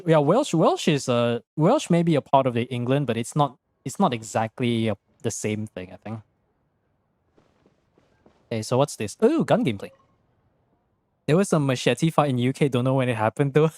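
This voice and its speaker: A man's voice: medium pitch, very animated, normal speed, darkish tone, no room sound. A young man streaming a game from his room, chatting casually and rambling through jokes, swearing freely and laughing often. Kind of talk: casual live-stream chat while gaming.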